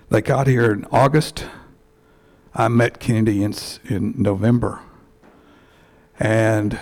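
Male church elder, sermon storytelling, heartfelt and halting, a bit of fry in the voice, headset mic. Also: lowish voice, a little mellow.

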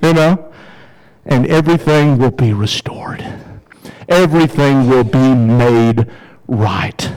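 A man preaching a sermon as pastor, in a conversational, emphatic way, with sudden rises in pitch for emphasis. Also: slow pace, pauses often, darkish tone, poor audio.

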